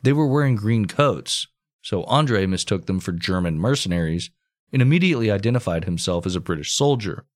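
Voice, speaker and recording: Low-voiced man reading history casually. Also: animated, fairly quick. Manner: reads the account aloud, then breaks into crude offhand jokes. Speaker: podcast co-host narrating history. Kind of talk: casual history storytelling with banter.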